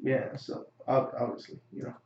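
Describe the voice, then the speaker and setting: A man's voice: normal speed, darkish tone, echoey room, lo-fi sound, a little hiss or hum. A man in a casual chat, teasing his friend with crude jokes.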